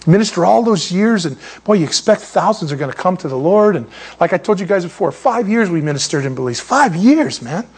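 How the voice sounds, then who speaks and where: A man with a notably high voice delivering a sermon. He preaches in a lively, storytelling way and drops joking asides. His tone swings between playful and earnest. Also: fast, few pauses, husky. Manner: animated, jokey storytelling with laughs. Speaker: pastor.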